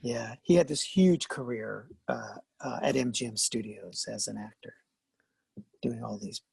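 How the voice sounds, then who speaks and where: An older man, a veteran actor and voice artist, telling animated stories in a casual interview, laughing and acting out what people said. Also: medium pitch, measured pace, vocal fry, slightly rough, no echo. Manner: animated, laughing, acts out quoted lines.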